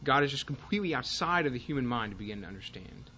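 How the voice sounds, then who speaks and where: A man teaching a Bible class, speaking haltingly with fillers and restarts and reading passages aloud with more force. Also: medium pitch, animated, sharp tone, dull audio, a little hiss or hum.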